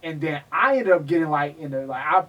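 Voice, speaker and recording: A man telling stories in a casual interview, animated and profane, acting out the people he quotes. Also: on the high side, a little fast, far from the mic, rough recording. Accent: Texan. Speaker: guest, MMA historian.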